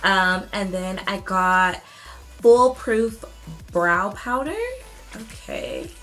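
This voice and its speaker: An excitable woman YouTuber talks her way through a gift unboxing at home. Her voice sits at an ordinary middle pitch, and her chat is loose and full of slang. Soft music plays faintly underneath. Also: drawn-out words, poor audio. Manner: bubbly and excitable, casual slang. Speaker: beauty YouTuber. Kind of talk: casual unboxing vlog.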